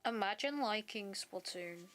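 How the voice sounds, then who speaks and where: A woman's voice: medium pitch, animated, measured pace, fairly bright tone. A young woman chatting casually as she draws, rambling and trailing off mid-thought. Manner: rambling, self-interrupting, trails off. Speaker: artist streamer. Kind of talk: casual chat while drawing. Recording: faint background music.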